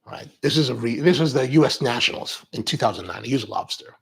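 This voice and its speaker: A man hosting a coffee show, chatting with viewers and telling animated stories. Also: mid-range voice, brisk, gravelly, husky. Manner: animated storytelling, acts out quoted exchanges. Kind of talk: live-stream chat with viewers.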